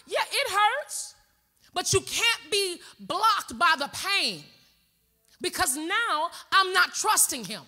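A woman's voice: extremely high pitch, animated, slow, sharp tone. A woman pastor, preaching an impassioned sermon in a church and calling out to the congregation. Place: church sanctuary.

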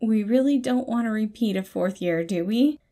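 A woman's voice: a little high, normal speed, dark tone, lightly acted. A reader voicing a friendly female colleague.

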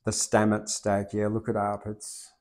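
A man's voice: lowish voice, monotone, unhurried. Rambling Australian man reciting poems. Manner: loose and rambling, with many fillers, swinging into loud rhythmic recitation. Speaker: poetry open mic host. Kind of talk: reciting rhyming poetry and rambling chat.

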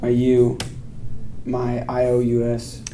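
Casting: teen boy student, hesitant, slow, dark flat voice. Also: mid-range voice, a little hiss or hum. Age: teenager. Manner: hesitant, self-correcting. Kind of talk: reading aloud in class. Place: school classroom.

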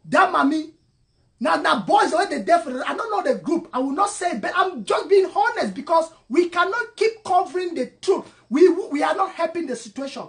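A woman with a Cameroonian English accent mixed with Pidgin, delivering an impassioned monologue, emphatic and repetitive, swinging between loud and soft. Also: very high voice, sing-song, normal speed, gravelly. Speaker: online commentator.

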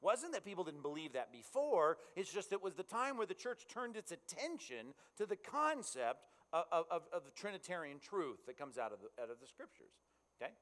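A male pastor preaching in an easy, conversational style, often asking his listeners if they follow. His voice sits a touch high and carries a long reverb, as in a big hall. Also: big pitch swings, fairly quick, fairly bright tone. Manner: conversational, checks in with the audience. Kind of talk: sermon.

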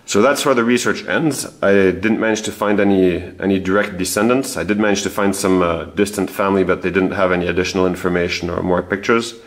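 A man's voice: low-pitched, steady tone, quick pace, few pauses. A man hosting a history video, explaining his research in a casual, thinking-aloud way with frequent restarts. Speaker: history channel host. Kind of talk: casual spoken history presentation.

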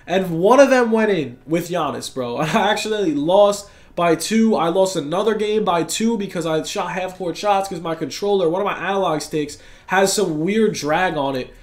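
A young man with a cold, talking fast and casually over his gameplay and saying "bro" a lot. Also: sits high. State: has a cold, sounds tired. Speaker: gaming YouTuber.

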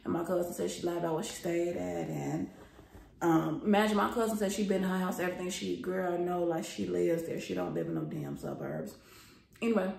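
A young woman with a low, gravelly voice spills a workplace storytime straight to her viewers. She talks in a loose, chatty, profane gossip style, and the sound bounces around a roomy space. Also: lively intonation, brisk, a little mellow. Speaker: storytime vlogger. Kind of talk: casual storytime. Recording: roomy echo.

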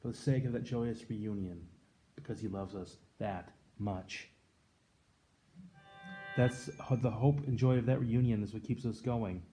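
A man in his thirties reading scripture and then giving an earnest, reflective devotional sermon, letting his voice drop soft and quiet on tender points. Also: on the low side, steady tone, measured pace, pauses often, soft background music. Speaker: pastor giving a daily devotion.

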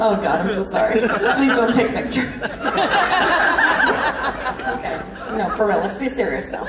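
A woman's voice: medium pitch, expressive, normal speed, long pauses, very noisy. Giggly woman in an echoey crowded room. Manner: giggly, self-deprecating. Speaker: interview guest. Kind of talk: casual chat. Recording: echoey, distant mic with music and crowd.

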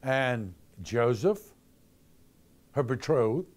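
A man's voice: mid-range voice, expressive, drawn-out words, darkish tone. A man giving a sermon, talking conversationally and telling jokey stories. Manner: conversational, jokey storytelling with acted-out voices. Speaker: preacher.

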